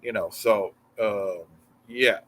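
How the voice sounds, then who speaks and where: A man hosting a livestream who talks calmly, leans on fillers like "you know, so," and tries to settle his caller down. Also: lowish voice, slow pace. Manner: calm, filler-heavy, soothing. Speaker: livestream host. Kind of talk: casual livestream chat.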